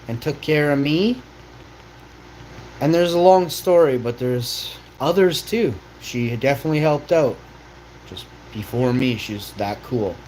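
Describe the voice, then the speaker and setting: A man in his forties giving a confrontational, profane monologue as a vlog host, firing off rhetorical questions. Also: a little high. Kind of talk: ranting monologue. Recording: roomy echo, faint noise.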